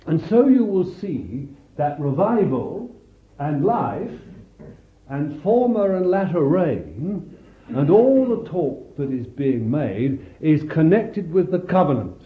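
On an echoey, tinny old recording, a man preaches a sermon, expressively reading scripture and exhorting his listeners. His voice is on the high side and his pace slow.

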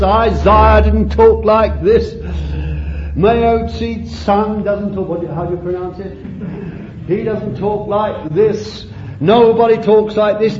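A male preacher delivering an impassioned sermon that rises and falls, with drawn-out phrases. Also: high voice, a little hiss or hum. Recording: roomy, dull lo-fi recording.

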